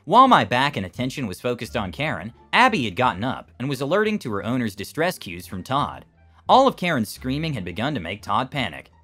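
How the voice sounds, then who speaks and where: A man narrating an online story with expressive delivery. His pitch swings very widely and his tone is bright and forceful, with faint music behind him. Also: fairly quick.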